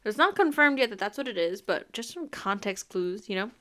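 A young woman in casual podcast chat, talking in a mid-range voice. She is emphatic and expressive, and she laughs often as she reacts to what she is discussing. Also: mid-range voice, fairly quick. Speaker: podcast host.

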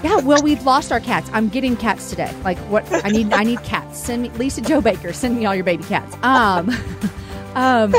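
A woman hosting a casual chat, telling a story in an animated, flustered way, often laughing. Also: on the high side, normal speed, music in the background. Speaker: podcast host. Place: log cabin home in the country.

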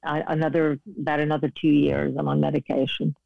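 A woman's voice: low voice, little pitch movement, fairly quick, vocal fry, no room sound, lo-fi sound. A woman in her sixties, a guest speaking candidly in casual conversation over a video call. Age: 60s. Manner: candid, chatty, self-deprecating.

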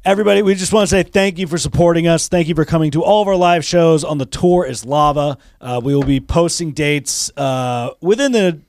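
A man's voice: a little high, fairly quick, few pauses, darkish tone, no echo. A man co-hosting a podcast, laid-back and wry, thanking listeners on a dry close mic. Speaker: podcast co-host. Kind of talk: casual banter.

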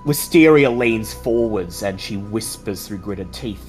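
A man narrating a tabletop vampire game as game master, measured and descriptive. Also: lowish voice, faint music behind.

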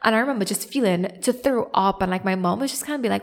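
Speaking quickly in a gravelly middle-pitched voice, this young Trinidadian-accented woman tells a story on her podcast. She keeps it casual and lively, mocks herself, and performs the voices of those she quotes.

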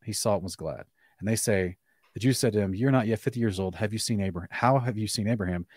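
A man hosting a casual live-streamed discussion, reading scripture aloud in between quick restarts and short chuckles. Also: fairly low pitch, darkish tone, breathy edge, no echo, clean studio sound. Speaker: host.

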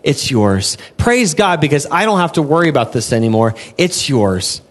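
Man, young adult, preacher, earnest conversational sermon, fairly high-pitched. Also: big pitch swings, fairly quick. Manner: earnest, conversational, acts out dialogue with God.

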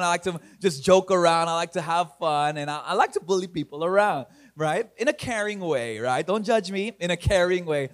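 A young man preaching a sermon, playful and laughing, acting out voices as he tells a story. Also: high-pitched. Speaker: pastor. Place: church online broadcast.

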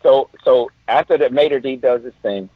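A man's voice: medium pitch, moderate pace, no echo, phone-quality sound. A middle-aged man, a comedian guest on a podcast, telling a story with energy and acting out other people's voices.

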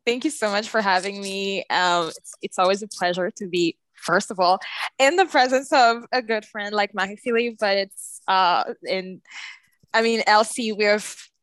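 A woman from Cameroon, a podcast guest, speaking thoughtfully and pausing to search for words. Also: mid-range voice, fairly bright tone, dry recording. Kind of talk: casual podcast interview.

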